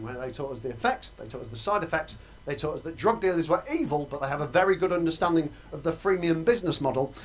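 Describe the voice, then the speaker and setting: A young man doing a stand-up comedy set on a club stage, quick and self-mocking, breaking into loud put-on voices. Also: a little high, slight background noise. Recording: live room with audience laughter. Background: audience laughing.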